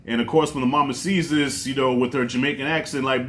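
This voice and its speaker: A man's voice: mid-range voice, fairly even intonation, fast talker, hardly any pauses, fairly bright tone. Loose-talking man reviewing a movie. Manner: loose, profane, rambling. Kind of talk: casual movie review vlog.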